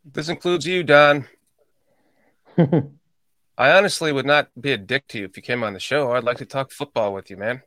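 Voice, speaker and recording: A man's voice: mid-range voice, moderate pace, fairly bright tone, no echo, clean studio sound. Joking, swearing male podcast host. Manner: joking, swearing, teasing banter. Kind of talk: casual podcast chat.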